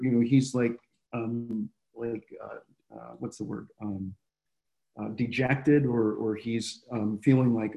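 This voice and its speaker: A man's voice: medium pitch, steady tone, mellow, rough recording. Man teaching a Bible passage. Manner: conversational, halting with fillers and restarts. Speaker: preacher.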